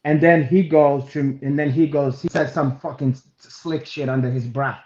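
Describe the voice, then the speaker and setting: A man co-hosting a chat over a video call, telling an animated story with heavy swearing, restarts and loud acted-out quotes. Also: on the high side, moderate pace. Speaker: co-host. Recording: roomy, dull lo-fi stream audio.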